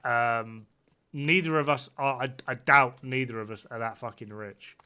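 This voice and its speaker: A man's voice: mid-range voice, fairly even intonation, unhurried, pushed and bright, smooth. A man in his thirties in casual gaming chat, blunt, sweary and rambling. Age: 30s. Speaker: player.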